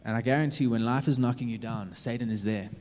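A man preaching a sermon, earnestly urging his listeners with lots of repetition, swinging from loud to hushed. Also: medium pitch, quick pace, a little hiss or hum. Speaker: youth preacher. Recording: long reverb of a hall.

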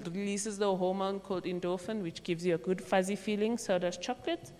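A woman's voice: medium pitch, fairly quick. Chatty woman speaking in a reverberant hall. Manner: chatty, animated, acts out quotes and laughs. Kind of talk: casual youth talk on faith. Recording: long echo in a large hall.

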